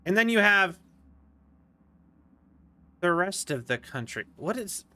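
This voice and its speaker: Chatty, bright-voiced American streamer. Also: male voice, high voice, very animated, slow. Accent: General American. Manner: rambling, chatty, full of fillers and restarts. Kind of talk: casual live-stream chat. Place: home, indoors.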